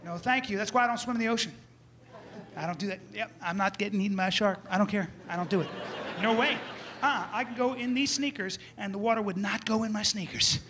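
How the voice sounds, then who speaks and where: A man performing a stand-up set on a comedy club stage, telling animated stories and acting out scenes in different voices. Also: high-pitched, fast talker, noisy background. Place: comedy club stage before a live audience. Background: audience laughter.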